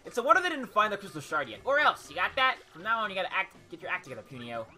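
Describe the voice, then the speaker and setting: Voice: mid-range voice, very animated, rapid-fire, pushed and bright, voice pushed up. A woman doing a cranky, bossy old creature elder. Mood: scolding. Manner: scolding, bossy, lecturing. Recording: game music behind.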